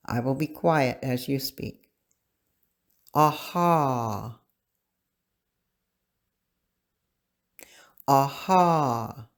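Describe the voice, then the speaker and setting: Teacher for a recorded language lesson: unhurried, careful, leaves room for learners to repeat each word. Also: mid-range voice, darkish tone. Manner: slow, deliberate, pausing for learners to repeat.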